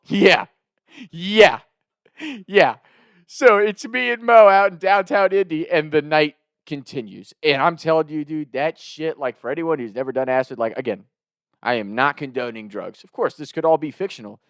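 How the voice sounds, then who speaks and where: A young man tells a wild night-out story, swearing freely and laughing along at his own tale. His voice sits a bit high for a man. It is recorded close up in a very dry space. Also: moderate pace, a bit bright, no room sound. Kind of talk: casual storytelling.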